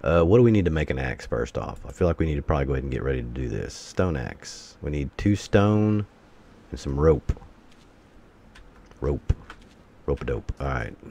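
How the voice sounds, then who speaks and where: A man's voice: extremely low pitch, very animated, normal speed, vocal fry, long pauses, dark tone, a little hiss or hum. A man giving let's-play commentary, talking to himself and bursting into exasperated curses.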